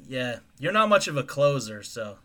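A man's voice: mid-range voice, big pitch swings, normal speed, a bit bright. A man hosting a podcast in casual comedic chat, joking crudely with lots of swearing and frequent laughter. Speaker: podcast host.

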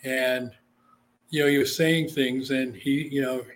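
A middle-aged man, an author and interview guest, telling stories in a lively way and acting out the voices of the people in them. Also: medium pitch, measured pace. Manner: animated, acts out the voices in his stories. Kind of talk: storytelling in an interview.

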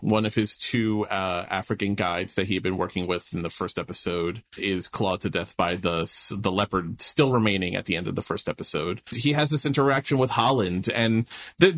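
A man co-hosting a podcast about a TV series, analyzing scenes earnestly with occasional fillers. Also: on the low side. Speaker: podcast co-host. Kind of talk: casual podcast discussion.

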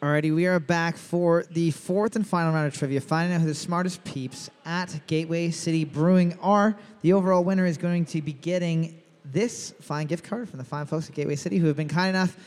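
Loud joking trivia host, echoey hall. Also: male voice, a little high, steady tone, brisk, smooth. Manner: loud, jokey, profane, reads questions twice. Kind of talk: live trivia hosting with crude banter. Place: large brewery room with live crowd. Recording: long echo in a big room.

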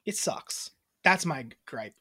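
A woman's voice: deep voice, sing-song, measured pace, sharp tone, breathy edge. A woman in her thirties co-hosting a podcast, chatting bluntly and casually with lots of swearing and filler words. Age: 30s. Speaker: podcast co-host. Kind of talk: casual chat.

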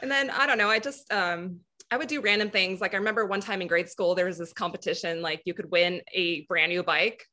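A woman guest telling stories about her childhood in a relaxed casual interview, laughing often. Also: lowish voice, fairly quick, hardly any pauses. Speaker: guest athlete.

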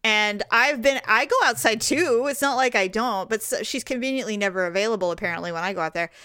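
A woman casually telling a story in chat, acting out the people she quotes in high, exaggerated voices. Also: quick pace, clear, resonant tone, no room sound, studio quality. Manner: animated, jumps into high put-on voices when quoting people.

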